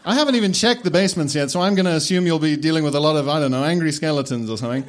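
A man's voice: a little high, racing, slight background noise, close to an everyday voice. A man voicing a lazy, crude old male headmaster wizard who talks casually, swears, and chuckles. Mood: gleeful. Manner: laid-back, swearing, chuckling.

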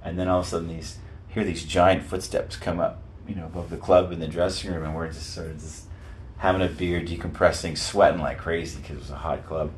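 An older man who sings in a rock band, telling a story to an interviewer in a relaxed chat and slipping into other people's voices. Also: low voice, fairly quick, a little hiss or hum. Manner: animated, breaks into voices of people in his stories. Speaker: lead singer, interview guest. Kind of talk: casual storytelling.

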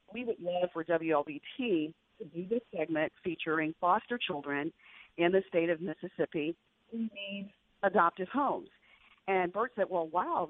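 A woman's voice: fairly low pitch, dry recording. An older woman, a veteran journalist, telling an emotional personal story as a radio guest, with earnest restarts. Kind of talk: heartfelt interview storytelling. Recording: tinny phone-like radio line.

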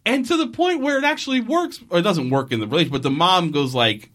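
A man's voice: high voice, expressive, fast, fairly bright tone. A man co-hosting a podcast, recapping a TV episode in an exasperated, ranting way and swearing often. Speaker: podcast co-host.

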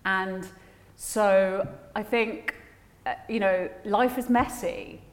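A woman speaks on stage in a candid, rambling, self-deprecating way, full of fillers and restarts. Her voice sits at an ordinary pitch. The sound carries a long hall reverb from the live venue. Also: steady tone, takes it slowly. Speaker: author guest. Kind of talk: candid conversation at a live festival event. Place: large venue with a live audience.

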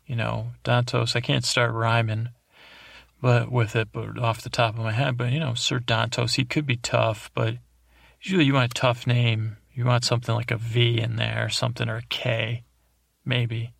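A man's voice: mid-range voice, little pitch movement, normal speed, vocal fry, a bit bright, no echo, clean studio sound. A man hosting a sleep podcast, rambling and meandering through an episode recap with drowsy, self-deprecating asides. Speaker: podcast host.

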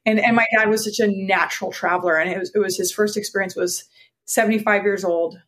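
A woman's voice: mid-range voice, fairly even intonation, fast, fairly bright tone. Earnest woman therapist telling stories. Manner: earnest, reflective, with frequent restarts. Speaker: psychotherapist. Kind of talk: conversational storytelling.

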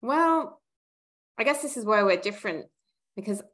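A woman's voice: mid-range voice, animated, normal speed, fairly bright tone. A woman co-hosting a podcast, thinking aloud and correcting herself as she reasons through a question. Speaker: podcast co-host. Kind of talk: casual podcast discussion.

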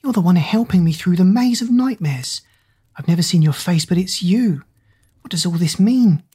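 A spirited teenage girl who asks blunt, curious questions, voiced by a woman. Her voice is low with a husky edge, as heard in a storybook reading. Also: expressive, normal speed, warm tone.

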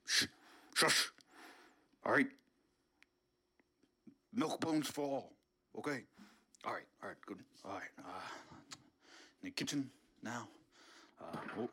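Comedy bit: man doing a husky, rambling old politician. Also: fairly low pitch, pushed and bright, voice pushed down, exaggerated voice. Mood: sneaky. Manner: rambling, stammering, repeats words. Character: brash older male politician sneaking into a house.

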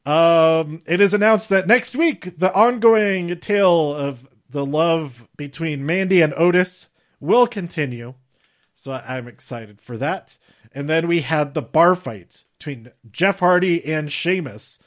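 A slightly high-voiced young man hosting his own podcast, recapping shows in a loose, rambling way. He talks casually, stumbles through restarts and laughs at his own asides. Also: slow pace. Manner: rambling, chatty, laughs at own jokes, many fillers. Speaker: podcast host reviewing wrestling shows.

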